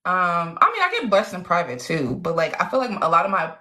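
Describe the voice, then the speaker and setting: A woman hosting a casual live chat, excitable and slangy, laughing often as she talks. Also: on the low side, brisk. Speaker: livestream host.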